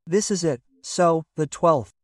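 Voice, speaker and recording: A man's voice: fairly high pitch, measured pace, a little mellow, no echo. Older man from russia chatting in an interview, umms and "so to speak" everywhere, mic kinda far off, dry sound. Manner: hesitant and rambling, full of fillers like "so to speak" and "well". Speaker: magazine editor and publisher, interview guest. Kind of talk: casual conversational interview.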